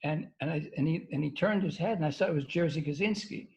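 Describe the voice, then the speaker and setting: An older man, a guest, telling a story in a halting, stop-and-start way with casual swearing. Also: fairly high pitch, a little mellow. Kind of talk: rambling storytelling. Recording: dull lo-fi sound.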